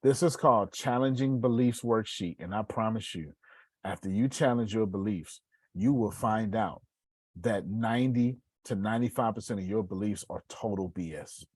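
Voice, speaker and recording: A man teaching a class, animated and slangy, joking and acting out examples. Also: lowish voice, moderate pace, breathy edge, no echo.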